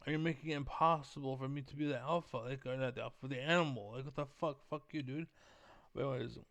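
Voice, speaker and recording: A young man rants to his viewers in a heated, rambling way, swearing often and leaning on fillers. His voice sits at an ordinary pitch and is recorded close and dry, with no room sound around it. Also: steady tone, fast talker, fairly bright tone, dry recording. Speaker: vlogger. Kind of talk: casual rant to camera.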